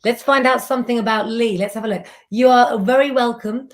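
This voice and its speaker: A woman hosting a live tarot reading, talking gently and affectionately in a rambling way. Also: fairly high pitch, fairly even intonation, brisk. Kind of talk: live streamed tarot reading, casual chat.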